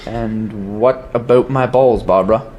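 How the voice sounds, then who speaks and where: A man answering questions in a comedy mock interview, deadpan and cheeky. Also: on the low side, unhurried.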